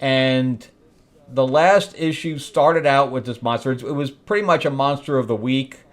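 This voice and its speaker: A man's voice: medium pitch, unhurried. A middle-aged man hosting a comic review show, recapping an issue in a loose, rambling way, chuckling at his own asides with lots of fillers. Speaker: comic book review host. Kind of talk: casual solo recap.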